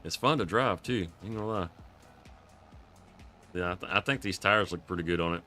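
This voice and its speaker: Streamer, male, very low but bright voice, froggy, laid-back and rambling, music faint behind. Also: normal speed. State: froggy from coughing. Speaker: live streamer playing a farming game. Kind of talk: casual gameplay commentary.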